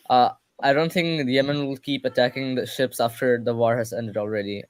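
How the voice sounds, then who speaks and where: A man's voice: mid-range voice, no echo. A man on a discussion panel, rambling with lots of fillers. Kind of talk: casual discussion.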